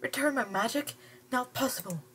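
A woman voicing a frail, ancient female sprite healer who swings from scorn to shrill pleading. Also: expressive, normal speed, pushed and bright, a little hiss or hum. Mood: desperate.

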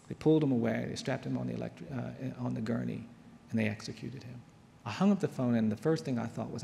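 A man from the United States telling a personal story in an earnest talk, slowing down and repeating phrases for weight. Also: medium pitch, creaky, warm tone, big-room sound, slight background noise. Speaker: speaker. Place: large hall.

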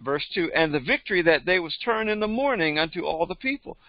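A man's voice: a little high, expressive, brisk, no room sound, muffled recording. A pastor reading scripture aloud and then explaining it in plain conversational speech, often repeating words as he goes. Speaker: pastor and Bible teacher.

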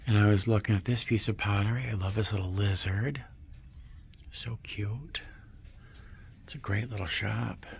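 A man vlogging while he browses antique and vintage shops, gushing and musing aloud, sometimes dropping to a soft near-whisper. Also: fairly low pitch, gravelly, slight background noise. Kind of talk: casual vlog narration while shopping.

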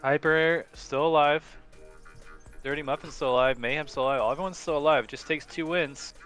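A man giving excited play-by-play commentary on a drone race. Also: fairly high pitch, brisk, soft background music.

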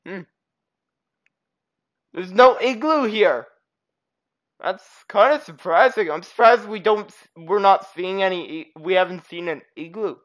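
A gaming channel host giving excitable let's-play commentary, quick to laugh and shriek. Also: medium pitch.

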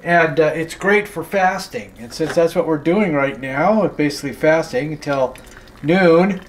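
A man's voice: a little high, measured pace, slight background noise. A man chatting casually on a vlog, easygoing and enthusiastic, often tagging on "right?". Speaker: vlogger. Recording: echoey room.

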